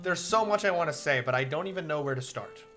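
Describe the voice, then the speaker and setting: A young man streaming live, reading a visual novel aloud and chatting, animated and laughing at his own jokes. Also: fairly high pitch, quick pace, faint music behind.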